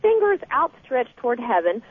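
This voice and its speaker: A woman guest telling a story with lively, animated energy in a radio interview, heard over the phone. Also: fairly high pitch, normal speed, breathy edge, no room sound. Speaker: guest author. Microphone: telephone. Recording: tinny phone line.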